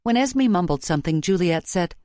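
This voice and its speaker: Brief: woman narrator, measured and emotive, slightly low voice, dry close mic. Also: lively intonation, warm tone, no echo. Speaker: audiobook narrator. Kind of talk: scripted romance narration. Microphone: close studio mic.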